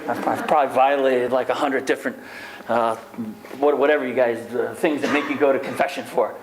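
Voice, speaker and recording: A man's voice: mid-range voice, steady tone, fairly quick. A middle-aged man who is a sports sociologist, giving a joking, rambling public lecture full of asides to the crowd. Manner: wisecracking, chatty, rambling asides. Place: lecture hall. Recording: echoey hall with noise.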